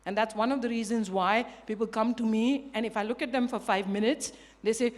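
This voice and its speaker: A woman giving a lively, humorous motivational talk as a leadership trainer, drawing call-and-response from a live audience. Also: on the high side, brisk, few pauses. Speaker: leadership trainer and keynote speaker. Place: large hall with an audience. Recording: long hall reverb.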